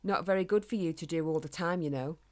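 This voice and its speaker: A woman's voice: lowish voice, fast, natural voice. A woman voicing a sly, condescending young fox who bullies a hedgehog. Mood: menacing. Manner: sneering, condescending.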